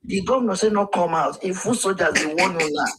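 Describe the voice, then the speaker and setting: High-voiced Nigerian man, insistent. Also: brisk, background noise. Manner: insistent, repetitive, argumentative. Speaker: discussant. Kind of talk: heated street debate in Pidgin.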